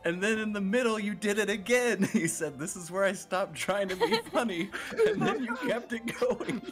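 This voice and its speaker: A man teases a friend over a voice call during a tabletop game session, laughing between his jabs. His voice is high and light. Faint music plays in the background. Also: big pitch swings, normal speed. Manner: teasing, laughing. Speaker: player. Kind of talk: casual chat on a voice call.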